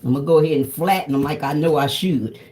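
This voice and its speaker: A woman's voice: low-pitched, fast talker, warm tone, a little hiss or hum. Chatty woman cooking for viewers. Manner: chatty, talks straight to viewers, calls them "y'all". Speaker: cooking vlogger. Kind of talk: casual cooking vlog chat.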